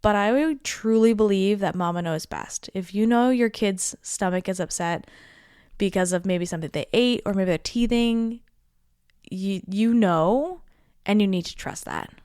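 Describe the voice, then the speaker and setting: Young woman podcast host, smooth clear voice, earnest and enthusiastic, dry close-mic sound. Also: mid-range voice, measured pace, a little mellow, dry recording. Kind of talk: solo podcast monologue.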